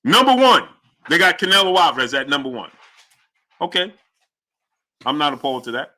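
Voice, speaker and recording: A man with a fairly high voice hosts a live boxing talk stream, reading chat and commenting at normal speed. He's animated, hyping his audience and shouting out chatters by name.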